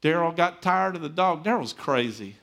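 A man preaching a sermon as a pastor, telling stories in an animated, conversational, folksy way. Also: fairly high pitch, normal speed, vocal fry.

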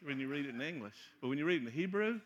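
A middle-aged man preaching a sermon, joking and acting out scenes, sometimes breaking into loud shouts. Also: fairly high pitch, very fast, muffled recording, slight background noise. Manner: animated, joking, acts out voices with loud shouts. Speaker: pastor.

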